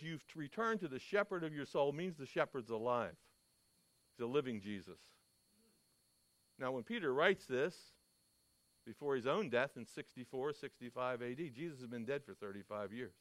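A man's voice: mid-range voice, fairly bright tone, dry recording. A man preaching a sermon, telling stories and asking his listeners questions with emphasis. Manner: emphatic, storytelling, asks the audience questions.

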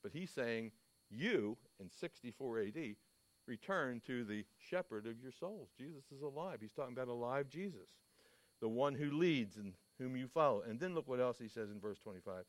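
A man's voice: medium pitch, animated, moderate pace, dry recording. A man preaching a sermon, telling stories and asking his listeners questions with emphasis. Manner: emphatic, storytelling, asks the audience questions.

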